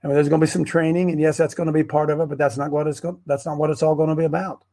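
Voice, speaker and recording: Gravelly rambling man hosting a livestream. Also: on the high side, racing. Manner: rambling, excitable, self-interrupting. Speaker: host of a preparedness group show. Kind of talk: rambling casual livestream talk. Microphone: webcam on a wobbly stand.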